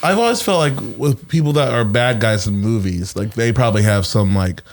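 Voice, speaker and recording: A man's voice: fairly low pitch, expressive, fairly quick. A man co-hosting a podcast, adding offhand remarks in casual chat. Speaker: podcast co-host.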